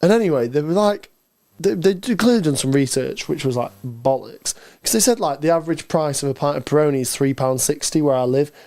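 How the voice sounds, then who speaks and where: A man's voice: fairly high pitch, animated, brisk, darkish tone. A man, co-hosting a live football watchalong stream in blunt, rambling casual chat. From Greater Manchester. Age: 20s. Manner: blunt, swears freely, rambling. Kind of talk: casual banter on a livestream.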